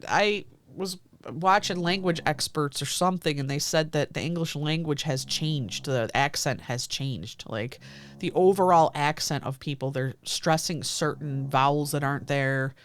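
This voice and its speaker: A woman's voice: low-pitched, a little slow, a little hiss or hum. A woman co-hosting a podcast in casual chat, emphatic and exasperated, laughing often. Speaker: podcast co-host.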